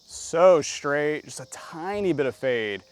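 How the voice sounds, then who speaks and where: A man's voice: a little high, slow. Upbeat man narrating his rounds outdoors. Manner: chatty, upbeat, excitable on shots. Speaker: disc golf YouTuber. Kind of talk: casual play-by-play commentary. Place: outdoor disc golf course.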